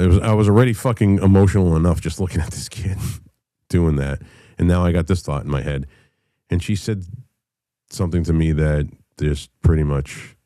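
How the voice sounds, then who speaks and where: A man in his thirties telling a personal story in a candid, profane way, halting often with fillers. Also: extremely low pitch, mellow, no room sound, studio quality. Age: 30s.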